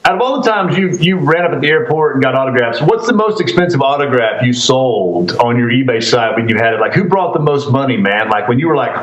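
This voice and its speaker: A man's voice: medium pitch, expressive, a little fast. A man co-hosting a podcast in casual chat, laid-back and constantly saying "man" and "dude". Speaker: podcast co-host. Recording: echoey, dull lo-fi sound.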